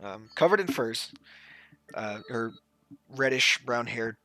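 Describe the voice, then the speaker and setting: A man's voice: mid-range voice, slow pace. A man running a tabletop game as game master, narrating casually with many fillers. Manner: relaxed, filler-heavy narration.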